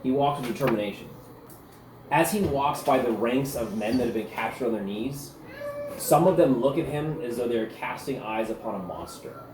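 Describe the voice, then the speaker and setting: A man's voice: medium pitch, normal speed, background noise. A man as game master narrating a tabletop game in a loose, descriptive way, with frequent filler words. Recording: echoey room with faint ambience.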